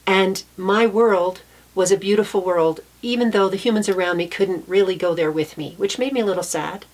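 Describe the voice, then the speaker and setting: A woman recounting her own childhood story in a soft-spoken, reflective way, with small restarts. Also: mid-range voice. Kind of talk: personal storytelling.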